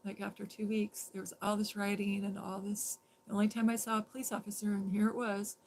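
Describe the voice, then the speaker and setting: A woman hosting a livestream, telling a rambling, animated story in casual talk and acting out the lines of the people in it. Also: medium pitch, slight background noise. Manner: animated, rambling, quotes others in dialogue. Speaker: livestream host.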